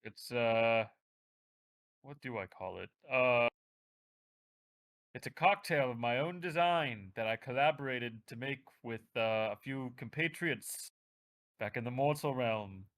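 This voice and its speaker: A man's voice: mid-range voice, measured pace, pauses often, fairly bright tone. A man playing a tabletop game in character, hesitant with stammering restarts. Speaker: player. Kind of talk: tabletop role-play in character.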